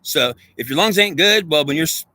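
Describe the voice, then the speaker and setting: A man's voice: fairly high pitch, lively intonation, a little fast, sharp tone, no room sound. A man delivering an intense, profane spiritual monologue straight at the viewer, lecturing and repeating himself. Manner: preachy, profane, repetitive, lecturing. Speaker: self-styled spiritual speaker.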